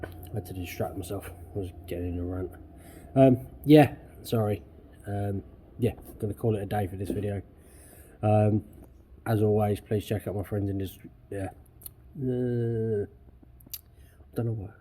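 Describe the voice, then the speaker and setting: Bloke in his garage, swearing and ranting angrily, lowish dark voice. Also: measured pace, a little hiss or hum. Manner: angry ranting, heavy swearing. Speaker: car restorer. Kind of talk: workshop vlog. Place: garage workshop.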